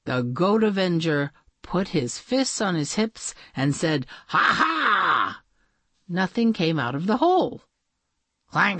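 A woman reads a children's storybook in an unhurried, playful way. Her lowish voice leaps around in pitch to bring the action to life. The sound is close and dry. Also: no room sound. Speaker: audiobook reader.

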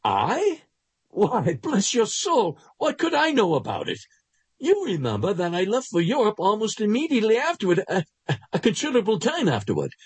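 A man voicing a nervous, evasive gentleman patient, speaking in defensive, high-strung protests with a husky voice. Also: wildly swooping pitch, moderate pace, dry recording, full character voice.

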